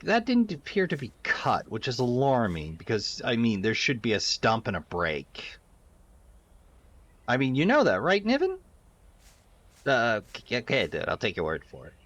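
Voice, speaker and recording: A man's voice: medium pitch, a bit bright. A man giving wry, casual commentary over a horror game, chatty and suspicious, swearing now and then. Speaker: let's-play host.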